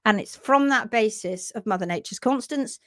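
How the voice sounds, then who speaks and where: A woman's voice: on the high side, normal speed, dry recording, clean studio sound. A British woman hosting a live stream for horse owners, talking earnestly and reading out viewer comments. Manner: earnest and animated, with sudden whispers and laughs.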